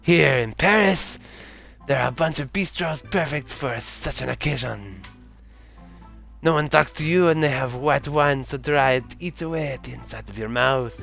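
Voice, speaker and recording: A boozy old Santa slurs his way through a grumbling rant in a vague European accent, as a male streamer puts him on for a game. The voice sits a bit higher than the performer's own and stays gravelly, with sudden foul-mouthed outbursts. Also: normal speed, a bit bright, soft background music. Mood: boozy rambling. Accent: vague put-on European accent. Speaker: streamer voicing a game character.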